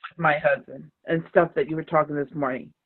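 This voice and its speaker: A woman sharing personal struggles on a video call, earnest and halting, close to tears. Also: sits low, fairly even intonation, slightly rough. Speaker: group participant. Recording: tinny phone-like video call audio.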